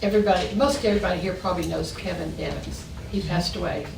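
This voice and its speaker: Lady in the crowd telling a story, gravelly, stop-start, far from the mic, roomy and noisy. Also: lowish voice, quick pace. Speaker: workshop attendee. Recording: distant voice in an echoey room with noise.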